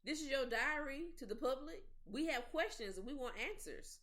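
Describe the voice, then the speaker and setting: A woman's voice: high voice, expressive, normal speed, fairly bright tone. A woman hosting a casual gossip podcast, telling stories with animation and mimicking the people she talks about. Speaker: podcast host.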